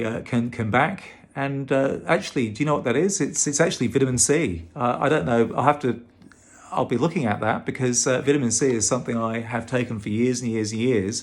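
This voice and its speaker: A man with a British-sounding Australian accent, talking casually to camera in an exasperated, emphatic way with frequent restarts. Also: mid-range voice. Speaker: vlogger and advocate for infected blood victims.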